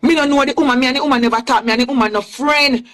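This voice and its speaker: Heated Jamaican woman, high voice. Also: rapid-fire, fairly bright tone, rough recording. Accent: Jamaican, Clarendon. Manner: heated, repetitive, defiant. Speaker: accused woman responding. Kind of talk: angry social media rant.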